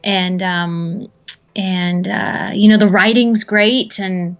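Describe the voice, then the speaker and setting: A woman's voice: medium pitch, fairly even intonation, takes it slowly. A woman guesting in a casual interview, rambling and self-deprecating, restarting her sentences often. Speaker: voice actor guest.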